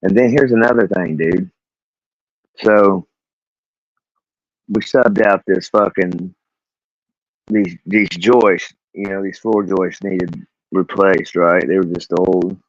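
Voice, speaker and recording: A man's voice: deep voice, fairly even intonation, slow, long pauses, dry recording. A man ranting about his workday to camera, rambling and swearing, laughing often. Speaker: vlogger. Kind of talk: casual rant. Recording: dull, lo-fi, dry recording.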